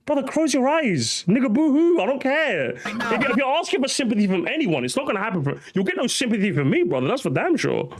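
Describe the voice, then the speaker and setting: A man's voice: very high voice, sing-song, fast talker, few pauses, noisy background. A young man hosting a reaction commentary, ranting, mocking and swearing as he talks. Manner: ranting, mocking, profane, laughing. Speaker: commentary host.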